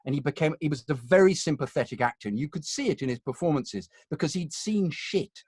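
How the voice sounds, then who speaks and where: A man's voice: fairly high pitch, animated, fairly quick, darkish tone, husky, dry recording. An English man with an upper-class accent, an actor reminiscing in a digressive, anecdotal way. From England. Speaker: actor, guest. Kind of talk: conversational reminiscing.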